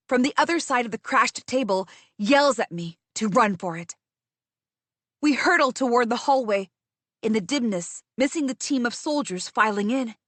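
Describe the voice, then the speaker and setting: A woman reading a first-person fantasy audiobook in a measured, tense way, close to the mic. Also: on the high side, fairly bright tone, dry recording. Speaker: audiobook narrator.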